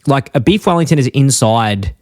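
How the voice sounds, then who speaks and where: A man co-hosting a casual chat podcast, rambling through his points and now and then jumping into a high voice to act out lines. His voice sits at an ordinary pitch, recorded very dry with no room sound at all. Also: expressive, moderate pace, dry recording. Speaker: podcast co-host.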